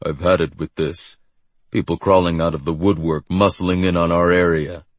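A man's voice: low voice, level tone, moderate pace, no room sound, natural voice. A man voicing a very tall, hostile male exterminator who guards his hunting ground in a storybook. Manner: sneering, irritable.

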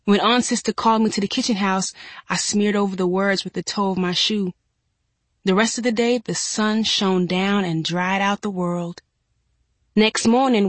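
A woman's voice: medium pitch, no echo. Woman reading a first-person audiobook. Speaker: audiobook narrator.

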